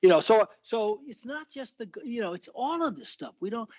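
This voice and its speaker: His voice is very high, expressive, and slightly rough with a darkish tone, at a normal speed. This Alaska garden columnist, a podcast interview guest, rambles, stresses and repeats his points, and laughs at his own jokes, in dull lo-fi audio without echo.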